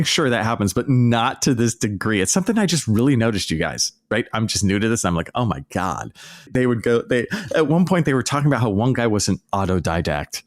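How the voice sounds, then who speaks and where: A man hosting a podcast, ranting in a sarcastic, mocking, exasperated way. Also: medium pitch. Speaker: podcast host. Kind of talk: casual podcast rant.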